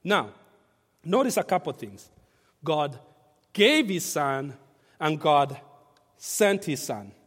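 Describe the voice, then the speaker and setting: A male preacher with a high-pitched voice delivers a sermon in a hall with a long echo. He stresses key phrases through repetition and shifts between loud and soft. He invites the congregation to join in reading. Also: sing-song, slow, long pauses. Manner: emphatic, repeats phrases, varies loudness for stress; asks the congregation to read along. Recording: reverberant hall.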